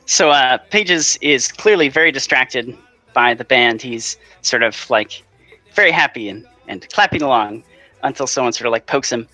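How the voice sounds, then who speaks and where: A man playing a tabletop game, describing his character's actions in a halting, easygoing way. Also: medium pitch, expressive, pushed and bright, no room sound, soft background music.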